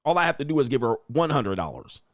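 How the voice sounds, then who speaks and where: A man's voice: mid-range voice, sing-song, fast talker, no room sound, studio quality. A young man hosting a livestream, ranting at his chat in a profane, mocking, confrontational way and laughing often. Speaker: streamer host. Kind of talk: livestream rant reading chat.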